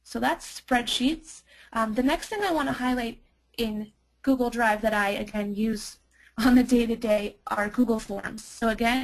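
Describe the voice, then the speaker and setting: A woman working as a marketer, presenting a software demo in an enthusiastic, chatty way with frequent ums. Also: on the high side, vocal fry, low-quality recording.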